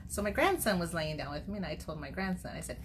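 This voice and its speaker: A middle-aged woman giving an earnest, motivational pep talk to her sales team, telling her story in a lively way and acting out what people said. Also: on the low side, quick pace, background noise. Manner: earnest, faith-driven encouragement. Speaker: direct-sales team leader.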